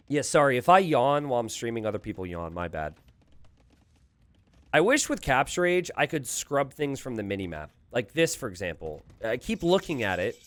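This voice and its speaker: A man casts a live strategy game from his home streaming setup, talking through each play as it unfolds. His pitch swings widely and he breaks off for quick asides to his chat. The close desk mic keeps the sound dry and free of room echo. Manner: animated, thinking aloud, quick asides to chat. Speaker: game caster.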